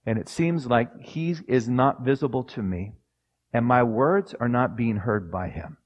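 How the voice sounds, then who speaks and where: A man preaching a sermon, moving from quiet personal storytelling to loud, dramatic scripture readings. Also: mid-range voice, expressive, unhurried, lo-fi sound.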